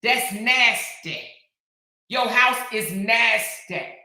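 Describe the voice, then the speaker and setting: A woman hosting a commentary channel, scolding and taunting in a heated rant with drawn-out emphasis and bursts of shouting. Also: fairly high pitch. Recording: very echoey room.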